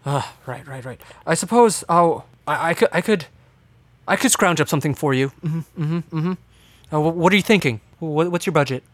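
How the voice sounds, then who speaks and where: A man's voice: on the high side, animated, normal speed, dry recording. A man voicing a fussy, stammering eccentric inventor in a tabletop game.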